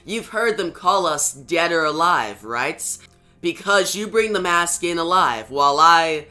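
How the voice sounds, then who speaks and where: A man reading the lines of a sardonic young woman mercenary in a comic recap, in a flat voice close to his own. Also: a little high, a little slow, faint music behind, heavily acted. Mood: teasing.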